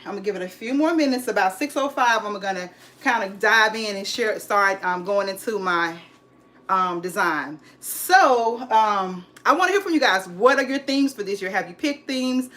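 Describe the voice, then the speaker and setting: A woman's voice: a little high, a bit bright. A woman, bubbly and hyped, greeting viewers on a home decor livestream. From California. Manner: bubbly, hyped, calls viewers sis and honey. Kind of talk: live-stream chat. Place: home, indoors.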